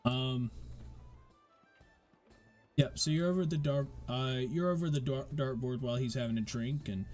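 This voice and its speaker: A man's voice: mid-range voice, moderate pace, a little mellow, soft background music. A man narrating a tabletop game as game master, rambling with many fillers.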